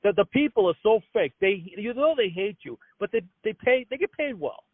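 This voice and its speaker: A middle-aged male comedian ranting excitably on a phone call, stumbling over restarts as he goes. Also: high voice, no echo. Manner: rapid, excitable ranting with repeated stammered restarts. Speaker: comedian guest. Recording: tinny phone line.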